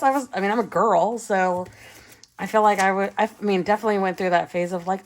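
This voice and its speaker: A woman in her thirties chatting casually and giggling while she counts cash for budget savings, her voice trailing off into soft counting. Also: medium pitch, brisk. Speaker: budgeting vlogger.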